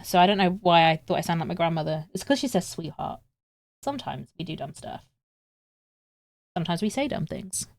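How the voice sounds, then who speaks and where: A woman chats on a craft stream, swearing freely and poking fun at herself. Her voice sits a little low. The sound is dry and close. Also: no echo. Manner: chatty, self-mocking and swearing. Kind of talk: casual live-stream chat while crafting.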